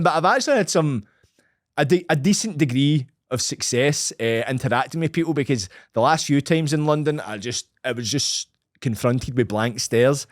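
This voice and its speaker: A man's voice: medium pitch, normal speed, dry recording, clean studio sound. A man in his thirties with a Glaswegian Scottish accent, chatting as a podcast guest with rolled R's and rambling, jokey stories. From Scotland. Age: 30s. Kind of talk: casual chat.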